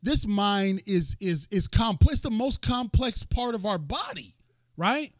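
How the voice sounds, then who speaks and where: High-voiced animated male host. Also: measured pace, no room sound. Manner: animated, preachy asides to the audience. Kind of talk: casual interview chat.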